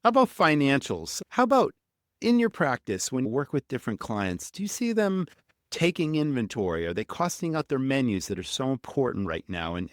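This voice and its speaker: A man's voice: mid-range voice, no room sound, clean studio sound. A man hosting a restaurant podcast, asking earnest, emphatic questions. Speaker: podcast host. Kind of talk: interview podcast.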